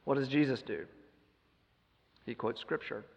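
A man's voice: mid-range voice, expressive, measured pace, creaky, a little mellow, in a large hall, lo-fi sound. A man giving a sermon, retelling a scripture story with emphatic rhetorical questions. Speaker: preacher.

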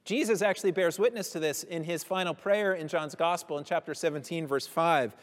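A man preaching a sermon, teaching in measured phrases and slowing down on key words. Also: fairly high pitch, long reverb tail.

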